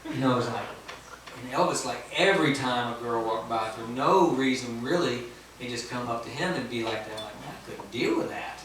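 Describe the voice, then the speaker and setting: This is a singer-songwriter, male, speaking briskly at a medium pitch as he spins a self-mocking anecdote at a house concert and laughs along with his own humor. There's background noise, plus acoustic guitar. The sound is echoey and recorded from a distance.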